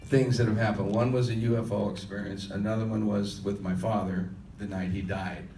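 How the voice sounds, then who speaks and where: A man's voice: lowish voice, level tone, a little fast, warm tone, a little hiss or hum. Older man telling a story in an echoey hall. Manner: loose, rambling storyteller with restarts. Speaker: musician answering audience questions. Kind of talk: storytelling at a live Q&A. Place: conference hall. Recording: echoey hall, heard from far off.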